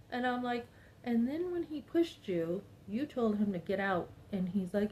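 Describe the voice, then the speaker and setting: A vlogger in her fifties speaks to viewers in a personal monologue, upset and emphatic, rambling and acting out what others said. Her voice is a little high and darkish, with lively intonation at normal speed, over poor audio with slight background noise.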